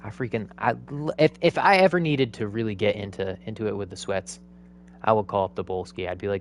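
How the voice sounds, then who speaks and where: A man's voice: fairly low pitch, fairly quick, slight background noise. A man chatting casually to viewers while streaming a game, upbeat and rambling. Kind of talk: live game streaming commentary.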